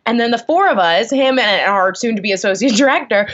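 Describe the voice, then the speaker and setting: A young woman telling a story in a casual chat, animated and full of fillers. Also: fairly high pitch, a little fast. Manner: animated, lots of likes and ums. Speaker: guest. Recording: dull lo-fi sound.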